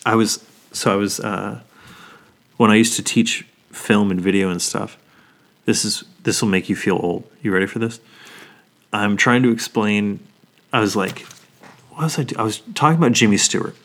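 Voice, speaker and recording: A man in his thirties with a low voice talks casually as a podcast co-host. He drops swear words all the time and gets openly emotional over favorite movies. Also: moderate pace, a bit bright. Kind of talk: casual chat.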